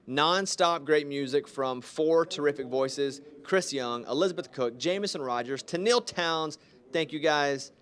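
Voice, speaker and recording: A man's voice: fairly high pitch, a bit bright, clean tone. A man announcing a broadcast in a polished, upbeat way as the show's host.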